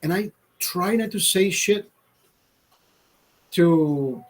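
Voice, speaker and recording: A man with a husky, slightly high voice rants to his livestream audience. He swears freely, stresses his points hard and circles back over his own words. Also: drawn-out words. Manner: profane, emphatic, repeats and restarts. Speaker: livestream host. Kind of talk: casual live storytelling rant.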